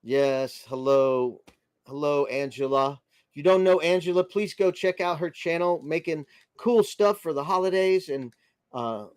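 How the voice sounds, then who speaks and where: A man's voice: on the high side, a little mellow, dry recording. Chatty man hosting a dry-sounding livestream. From United States. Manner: friendly, chatty, greets viewers by name and muses aloud. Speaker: livestream host. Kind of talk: casual livestream chat reading viewer comments.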